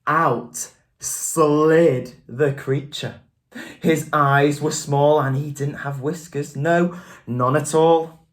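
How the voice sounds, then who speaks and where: A woman teacher who reads a picture book aloud to young children, asking coaxing questions and praising answers warmly. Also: low-pitched, slow pace.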